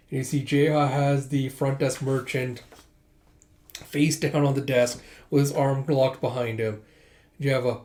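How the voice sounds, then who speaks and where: A man's voice: mid-range voice, steady tone, a little fast, darkish tone. A man casually reading a manga volume aloud, recapping the story and lightly voicing the characters' lines. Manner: chatty recap, "it's like" before each quoted line, light voicing.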